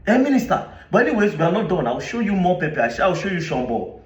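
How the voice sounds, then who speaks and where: A man's voice: sits high, sing-song, fast, echoey room, recorded from a distance, dull audio. A man with a Nigerian accent reading official statements aloud and rebutting them with indignant, sarcastic questions. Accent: Nigerian English. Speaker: social media commentator.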